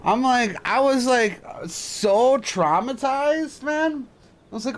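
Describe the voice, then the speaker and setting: A man's voice: extremely high pitch, a little slow, soft background music. A man streaming live, chatting casually and telling stories with lots of swearing and frequent laughter. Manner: animated, swearing storyteller who laughs often.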